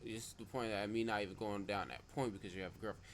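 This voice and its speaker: A man's voice: fairly low pitch, steady tone, fast talker, hardly any pauses. A man hosting a stream, reacting to a clip with emphatic, profane commentary that repeats phrases for stress.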